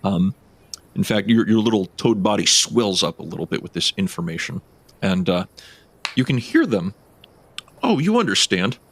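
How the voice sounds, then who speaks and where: A man narrating as game master of a tabletop game, halting with many fillers. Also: low voice, husky.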